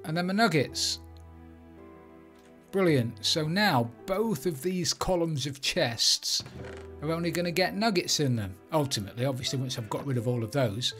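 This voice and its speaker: A man's voice: on the high side, expressive, moderate pace, a bit bright, soft background music. A man giving casual gameplay commentary, chatting and thinking aloud as he builds. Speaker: Minecraft let's play creator.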